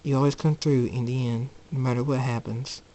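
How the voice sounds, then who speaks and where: A man voicing a fierce winged mother in a homemade storybook reading, shrill when angry. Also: flat delivery, a little fast, warm tone, lightly acted, rough recording. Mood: tender.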